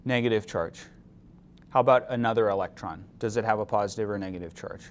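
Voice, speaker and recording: A man with a lower voice delivers a classroom chemistry lecture. He explains step by step and often stops to quiz his students. A faint background hiss sits under the recording. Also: fast. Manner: asks the class questions, mildly opinionated. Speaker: chemistry instructor.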